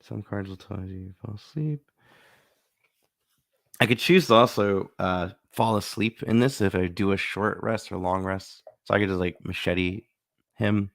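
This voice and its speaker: A man's voice: fairly low pitch, unhurried, vocal fry. A man hosting a live solo board game playthrough, chatting and thinking aloud as he plays, now and then acting out short lines for the characters. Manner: chatty, thinks aloud, acts out little bits.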